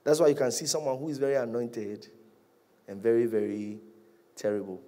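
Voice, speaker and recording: Man, pastor, midweek sermon, animated, loud peaks and soft drops, mid pitch. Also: fairly quick. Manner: animated preaching, swings between loud and hushed.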